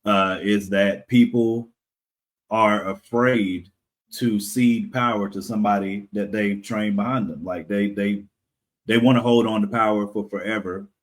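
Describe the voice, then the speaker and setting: A man's voice: lowish voice, fairly even intonation, unhurried. A man, a comic creator guest, talking casually in a podcast interview, rambling with fillers and frequent laughs.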